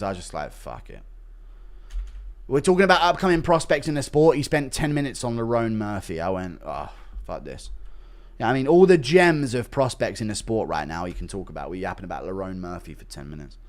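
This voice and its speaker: A man's voice: medium pitch, quick pace, hardly any pauses. A man hosting a livestream, reading chat donations and ranting with heavy swearing. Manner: profane, ranting, animated. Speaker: livestream host.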